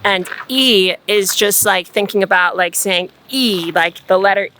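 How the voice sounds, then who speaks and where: A woman in a casual tutorial vlog, talking through her tips in an easygoing, explanatory way. Her pitch sits in the middle range, and she leans on fillers as she shows how things sound. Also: measured pace, sharp tone, slight background noise. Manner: chatty, explanatory, frequent fillers like "like"; demonstrates sounds while explaining. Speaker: vlogger giving voice tips.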